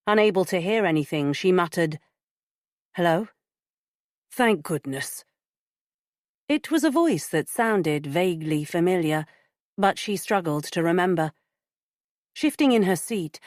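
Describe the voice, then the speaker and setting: A woman narrating an audiobook in a measured, even storytelling manner. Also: deep voice, no echo, studio quality. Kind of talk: scripted narration.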